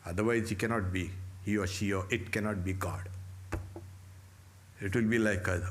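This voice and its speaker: A man, a monk, giving a lecture on scripture in slow, deliberate phrases with long pauses, asking rhetorical questions and answering them himself. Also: on the low side, fairly even intonation, slight background noise. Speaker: monk teaching scripture class.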